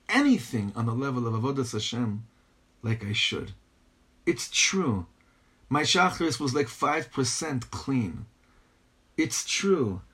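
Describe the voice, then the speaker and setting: A man's voice: mid-range voice, a bit bright, slightly rough. A man teaching a Torah text, pressing his points with rhetorical questions and mixing Hebrew and Yiddish phrases into his English. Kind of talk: text-based lecture.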